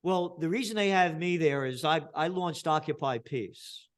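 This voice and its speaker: An older man, an interview guest talking in an impassioned, ranting way that swings from low talk to shouting. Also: moderate pace. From the Bronx, New York. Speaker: interview guest, trend forecaster.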